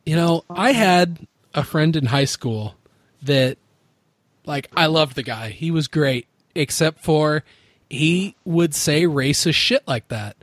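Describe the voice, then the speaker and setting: A man's voice: a little high, expressive, takes it slowly, no room sound. A man hosting a podcast, telling stories frankly in casual chat and swearing freely.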